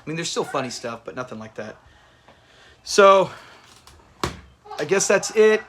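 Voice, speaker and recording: A man's voice: fairly high pitch, sing-song, measured pace, a bit bright, slight background noise. A man hosting a live watch party, chatting casually with viewers and thanking them by name. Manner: chatty, reads out viewer names, restarts often.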